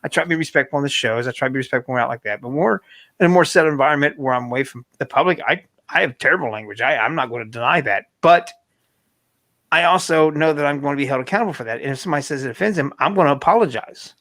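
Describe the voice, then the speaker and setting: A man's voice: medium pitch, expressive, a bit bright, no room sound. A man in his forties co-hosting a casual talk show, arguing his point emphatically and swearing. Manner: emphatic, fast, opinionated, swears. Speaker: podcast co-host. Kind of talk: casual chat.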